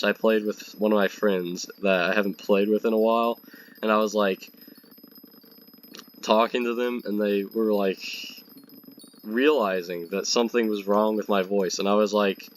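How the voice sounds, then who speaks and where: A man's voice: on the low side, steady tone, moderate pace, a bit bright, a little hiss or hum. A young man with a stuffy nose from being sick, rambling casually while playing a game. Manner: rambling, chatty, self-mocking. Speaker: gaming video creator.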